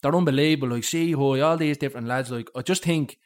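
A man's voice: mid-range voice, fast talker. A man with a Dublin accent, a podcast guest talking casually, blunt and full of swearing. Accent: Dublin Irish. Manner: blunt, swears a lot, repeats "yeah, yeah".

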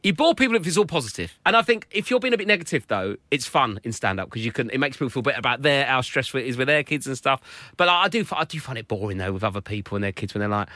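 A man in his thirties from England, a comedian chatting as a guest in an interview, animated and acting out voices as he tells stories. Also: mid-range voice, rapid-fire, few pauses, dry recording. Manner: animated, acts out voices in anecdotes. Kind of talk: casual interview chat.

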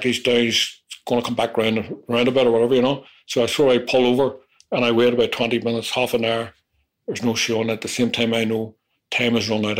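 A man recounting his past in a rambling, profane confessional storytelling style. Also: medium pitch. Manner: rambling, profane, peppered with "you know". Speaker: interviewee.

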